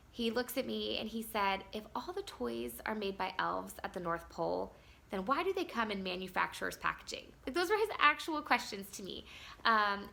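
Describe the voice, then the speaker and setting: A woman's voice: mid-range voice, gravelly, bright, forceful tone. A woman in her thirties casually telling a story as a vlogger and mom, chatty and rambling with many fillers.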